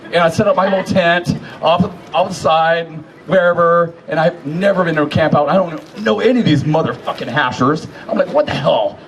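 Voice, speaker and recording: A man telling profane, animated stories as a eulogy, acting out what people said. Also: fairly high pitch, fairly quick, hardly any pauses, low-quality recording. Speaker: speaker at a memorial gathering. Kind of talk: informal eulogy storytelling.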